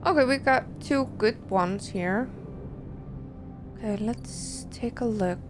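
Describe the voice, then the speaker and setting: Hoarse woman streamer reading game text. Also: on the high side, slow pace, music in the background. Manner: frequent throat clearing, self-correcting. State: hoarse, voice giving out. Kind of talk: reading game text aloud and commenting while playing.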